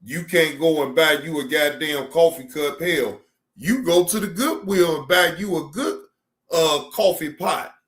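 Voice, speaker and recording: A man streaming, riffing in a loose, profane rant with a ring. His voice sits a little high, and he circles back over the same lines for emphasis. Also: unhurried. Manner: animated, profane, repeats himself for emphasis. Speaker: streamer reacting to news.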